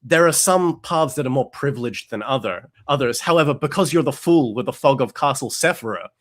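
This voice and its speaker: Animated man chatting about a novel series. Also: medium pitch, a little fast. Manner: animated, acts out quoted characters, frequent restarts. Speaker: podcast host. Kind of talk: casual chat.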